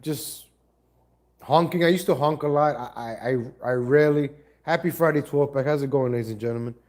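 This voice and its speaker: A man's voice: mid-range voice, a little fast, a little mellow. A man hosting a casual live stream from home on a laptop mic, rambling and correcting himself as he greets viewers. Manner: rambling, self-correcting, chats to viewers and cat.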